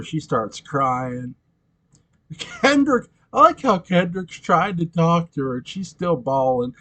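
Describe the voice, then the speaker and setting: In a fairly high, fairly bright voice, a male fan commentator walks through a TV episode in a casual recap. He's giggly and rambling, laughing often and frequently correcting himself.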